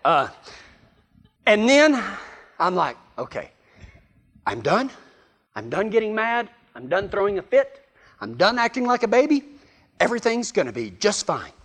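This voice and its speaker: A man's voice: sits high, sing-song, normal speed, long pauses, a bit bright, a little hiss or hum. A middle-aged man, a preacher telling a folksy, self-mocking story to his listeners. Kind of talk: storytelling sermon.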